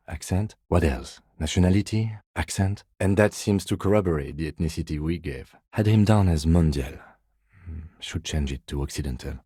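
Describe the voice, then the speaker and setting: An actor playing a reserved, precise middle-aged police lieutenant in a video game, speaking in a measured, formal, dry way. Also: male voice, sits low, warm tone, husky, no echo. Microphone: close studio mic.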